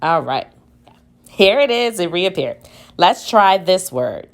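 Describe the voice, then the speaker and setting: Female teacher, low-pitched and unhurried, modeling syllable-by-syllable phonics reading. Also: sing-song. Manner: slow, deliberate, sounding out syllables aloud. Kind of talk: phonics lesson demonstration.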